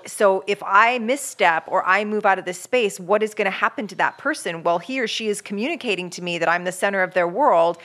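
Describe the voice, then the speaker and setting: A woman's voice: mid-range voice, fairly bright tone. A woman co-hosting a parenting podcast, explaining her views in a thoughtful casual chat. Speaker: podcast co-host, parenting expert.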